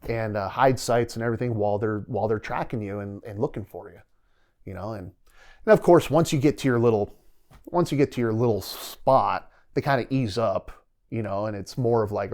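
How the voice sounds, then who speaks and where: A man's voice: on the low side, fairly quick, darkish tone. A middle-aged man, a podcast guest and retired soldier, telling stories in a rambling, vivid way and often quoting his own thoughts aloud. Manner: rambling, vivid retelling with quoted inner dialogue. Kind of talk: casual storytelling interview.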